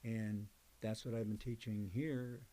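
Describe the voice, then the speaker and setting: An older man, a psychologist and professor, looks back on his career in an oral history interview, talking conversationally and wandering into digressions with fillers. His voice is lowish, fairly even in intonation, unhurried and dark in tone. Faint music plays behind him.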